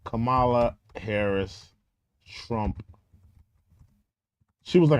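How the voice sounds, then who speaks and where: Ranting animated male commentary host. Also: fairly high pitch, unhurried, no room sound, lo-fi sound. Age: young adult. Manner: indignant, repetitive, ranting. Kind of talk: opinionated political commentary.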